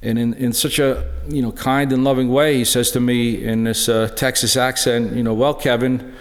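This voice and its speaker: A middle-aged man giving a personal testimony talk in a church, halting and earnest, full of restarts. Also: mid-range voice, level tone. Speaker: lay speaker sharing a personal witness. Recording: echoey church hall.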